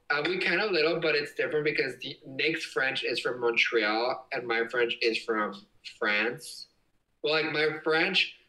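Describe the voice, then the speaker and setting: A young man rambles through a casual home livestream, giggling often as he reads comments. His voice is bright and bounces around a lot in pitch. He sounds like he is set back from the device mic. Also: recorded from a distance, low-quality recording. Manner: giggly, rambling, frequent laughs. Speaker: livestream host.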